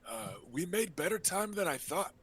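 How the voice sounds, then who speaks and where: A man's voice: sits high, big pitch swings, moderate pace, a bit bright, breathy edge, pitched above the performer's own voice, full character voice. A man playing a cheerful teasing young lord. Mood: chatty. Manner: chatty, rambling, friendly.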